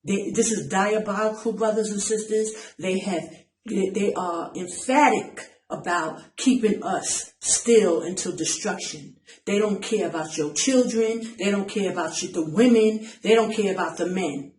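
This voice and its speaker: A woman's voice: mid-range voice, measured pace, a little mellow, reverberant, rough recording. A woman preaching an impassioned online message, urgent and pleading, repeating her phrases for emphasis. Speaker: self-styled preacher.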